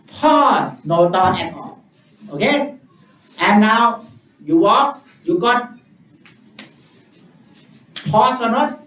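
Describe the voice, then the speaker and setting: A Buddhist monk with an Indonesian accent leads a meditation in slow, simple, repetitive English, leaving long gaps between his words. He is heard from a distance in a reverberant hall, with a faint hum of room ambience behind him. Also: sits high, fairly bright tone. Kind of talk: guided meditation teaching.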